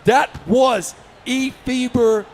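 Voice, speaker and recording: A man calls a virtual basketball game with a high, lifted voice. He is excited and keeps punching out the big moments. He sounds like a busy live esports commentator. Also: drawn-out words, a little hiss or hum. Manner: excited, often shouting. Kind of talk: play-by-play commentary.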